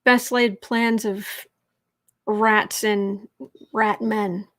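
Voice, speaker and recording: A woman's voice: medium pitch, little pitch movement, very slow. A woman hosting a tarot and astrology channel, signing off to viewers in a wry, chatty, reassuring way. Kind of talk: casual sign-off to viewers.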